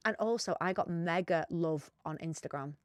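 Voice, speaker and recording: A woman's voice: lowish voice, no room sound, studio quality. A woman co-hosting a podcast, chatting casually and swearing freely as she tells stories. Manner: fast, sweary, storytelling. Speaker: podcast co-host. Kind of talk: casual chat.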